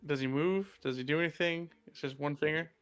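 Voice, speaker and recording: A man playing a tabletop game as a player, talking in halting, hesitant bits. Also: a little high, fairly bright tone, clean tone, soft background music.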